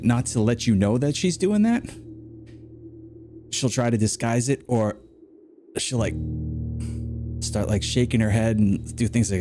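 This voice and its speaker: A man streaming a video game, chatting casually and telling rambling, animated stories. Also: on the low side, a little slow, pauses often, music in the background. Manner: rambling, animated storyteller who acts out quotes.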